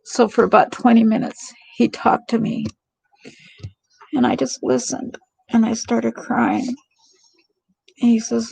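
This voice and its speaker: A woman's voice: on the high side, little pitch movement, measured pace, gravelly, pauses often, a little mellow, slightly rough, no room sound, low-quality recording. A middle-aged woman hosting a live stream vlog, talking in a rambling, earnest and heartfelt way. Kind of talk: casual confiding monologue.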